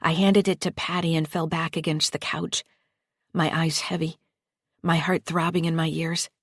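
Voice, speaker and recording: A woman narrating a first-person psychological thriller audiobook in a steady, tense storytelling manner. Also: sits low, normal speed, slightly rough, no echo, studio quality.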